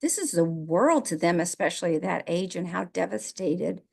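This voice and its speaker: A woman's voice: lowish voice, expressive, normal speed, creaky, darkish tone. A middle-aged woman from the American Midwest, co-hosting a casual podcast conversation, emotional and laughing easily as she talks. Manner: emotional, laughs while talking. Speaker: podcast co-host.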